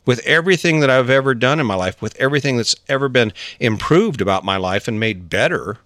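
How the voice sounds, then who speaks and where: A man's voice: mid-range voice, lively intonation, a little fast, a bit bright, no room sound, studio quality. A man hosting a solo motivational podcast, talking earnestly and rambling, with many restarts as he acts out inner voices. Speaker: podcast host.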